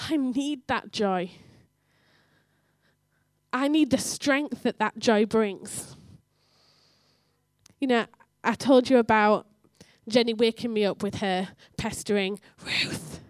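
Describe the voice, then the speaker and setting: A woman giving a sermon in church, telling a story and acting out the dialogue with lively energy. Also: fairly high pitch, slow, long pauses, dry recording, studio quality. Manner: animated storytelling, acts out dialogue. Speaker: church speaker.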